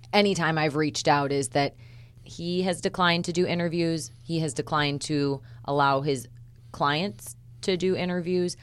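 A woman reporter co-hosting a true-crime podcast, laying out facts in a measured, methodical way. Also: sits low, clean tone. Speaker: reporter and co-host.

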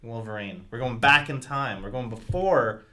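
A man hosts a casual podcast chat in a playful, joking way. He laughs easily and keeps his voice at a middle pitch. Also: moderate pace, pushed and bright. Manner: playful, jokey, laughs often. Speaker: podcast host.

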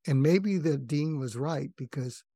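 Older male psychiatrist guest, New England origin, earnest and reflective storyteller, slightly high pitch, dead dry mic. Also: a little slow, creaky, warm tone, husky, no echo. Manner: earnest, reflective, self-revealing. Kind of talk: candid personal storytelling.

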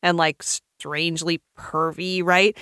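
A woman co-hosting a casual podcast, blunt and quick to react, who opens and closes the show segments. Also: lowish voice, level tone, pushed and bright, no echo, studio quality. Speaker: podcast co-host.

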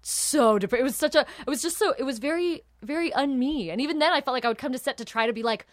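A woman guest on a podcast, telling stories in animated casual chat with lots of filler words. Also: high-pitched, quick pace, no room sound, studio quality. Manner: chatty, animated storytelling with many fillers.

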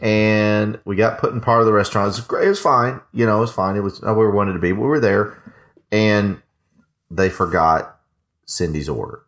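A man's voice: on the low side, steady tone, moderate pace, fairly bright tone. A man co-hosting a casual podcast, telling a rambling story with lots of restarts and acted-out dialogue. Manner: rambling, restarts, acts out both sides of dialogue. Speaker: podcast co-host.

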